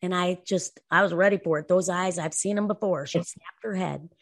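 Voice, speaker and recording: A woman's voice: lowish voice, fairly even intonation, normal speed. Earnest woman telling stories on a talk show. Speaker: co-host. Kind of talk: casual podcast talk.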